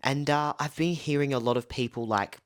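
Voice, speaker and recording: A man's voice: mid-range voice, fairly quick. A young man casually recapping a film as a reviewer, rambling with lots of filler words. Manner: loose, rambling, full of "like" and "um". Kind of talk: casual spoken film breakdown.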